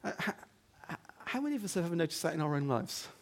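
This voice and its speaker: A man preaching a sermon as the pastor of his church, talking conversationally with rhetorical questions and "okay?" asides, dropping to hushed lines and rising to loud emphatic ones. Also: sing-song, fast talker, creaky. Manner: swings between hushed low moments and loud emphatic stretches. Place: church building.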